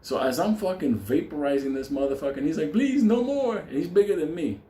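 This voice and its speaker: A man telling a profane story, laughing often and talking with animated energy. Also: fairly high pitch, fast. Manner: laughing, animated, heavy swearing. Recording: echoey room with faint ambience.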